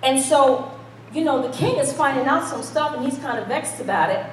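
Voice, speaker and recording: A woman's voice: sits high, lively intonation, moderate pace, slight background noise. A woman preaching a casual, playful sermon, joking and laughing with the congregation. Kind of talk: conversational sermon. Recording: echoey church hall, mic at a distance.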